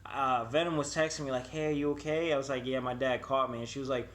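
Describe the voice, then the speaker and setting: A young man tells a story from his teens in a casual vlog. His voice sits in an ordinary middle pitch. He swears freely and acts out the lines of the people in the story. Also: fast talker, few pauses. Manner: animated, swearing, acts out quotes. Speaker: vlogger.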